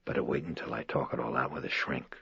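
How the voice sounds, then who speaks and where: A man's voice: a bass voice, steady tone, fast, gravelly, a bit bright, husky, no echo, muffled recording, exaggerated voice. A man doing a weary, wry mother. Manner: dry, muttered inner asides.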